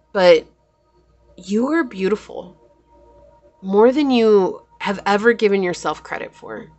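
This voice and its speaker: A woman giving a pick-a-card tarot reading in a gentle, affirming and emotional way. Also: mid-range voice. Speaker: tarot reader.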